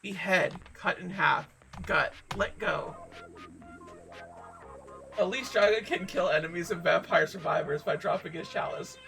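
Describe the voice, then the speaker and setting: A woman's voice: fairly low pitch, a little slow, vocal fry, long pauses, fairly bright tone, distant mic, faint music behind. A woman streaming a game, commenting with joking, ironic asides.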